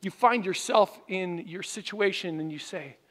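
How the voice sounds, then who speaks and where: A man with a strikingly high, bright, forceful voice preaches a sermon from the pulpit. He tells his stories with animation and now and then pushes up to a shout for emphasis. His voice trails off into a long reverb that fills the church sanctuary. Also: normal speed. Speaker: pastor.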